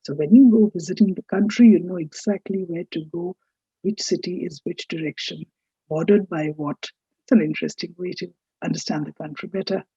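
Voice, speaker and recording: Slow, dark-voiced woman teacher. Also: fairly low pitch, husky, dry recording, lo-fi sound. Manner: explanatory, corrects pronunciation. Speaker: French language teacher. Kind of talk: recorded online lecture.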